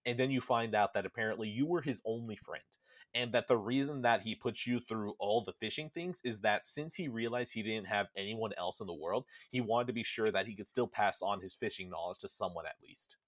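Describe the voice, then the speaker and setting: A young man hosting a podcast in casual chat, animated and swearing freely as he acts out characters. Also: on the low side, fairly quick. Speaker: podcast host. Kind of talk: casual chat recapping a game.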